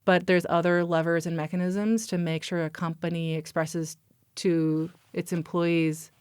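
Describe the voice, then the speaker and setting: A woman with a lowish, smooth and resonant voice chats through her ideas in a relaxed interview. She leans on "like" and "you know" as she thinks aloud. The sound is dry and close, with little room. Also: unhurried, no echo. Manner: chatty, many "like" fillers, thinking aloud. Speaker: workplace strategy executive, guest. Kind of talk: casual interview chat.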